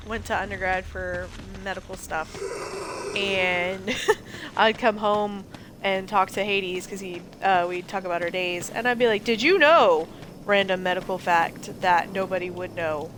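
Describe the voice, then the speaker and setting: A woman's voice: medium pitch, steady tone, a little slow, a bit bright, a little hiss or hum. A woman in her twenties giving chatty, joking commentary over gameplay, often exclaiming. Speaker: gameplay streamer. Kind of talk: casual let's play commentary.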